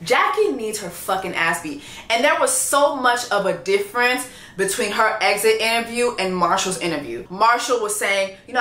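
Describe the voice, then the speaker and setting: A woman reviewing a reality dating show, ranting loudly and profanely in casual commentary. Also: mid-range voice, normal speed, hardly any pauses, reverberant. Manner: loud, profane, animated ranting.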